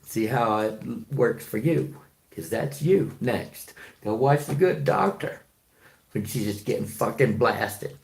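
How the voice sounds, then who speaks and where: Gravelly, profane man rambling in echoey room. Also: medium pitch, animated, a little slow, darkish tone. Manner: profane, rambling, full of fillers and restarts. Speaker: truck driver. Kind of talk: rambling monologue.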